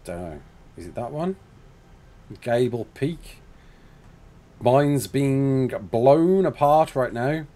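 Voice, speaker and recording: A man's voice: medium pitch, expressive, slow pace, pauses often, warm tone. A young man live-streaming a building game, chatting casually, reading out chat messages and talking himself through each step.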